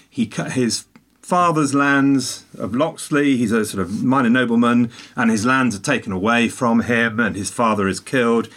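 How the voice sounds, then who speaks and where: Brief: chatty man, talkative and animated, mid-pitched, jokey film chat.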